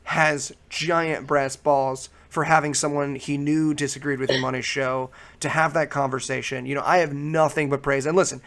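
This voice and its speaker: A man's voice: a little high, little pitch movement, normal speed, hardly any pauses, fairly bright tone. A man guesting on a podcast, explaining his views at length in earnest, casual discussion.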